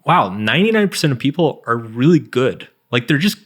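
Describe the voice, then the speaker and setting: Male guest, thirties, mid-pitched, loose and rambling with lots of filler and restarts. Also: sing-song, brisk. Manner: rambling, heavy use of "like", frequent restarts. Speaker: guest author. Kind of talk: casual interview chat.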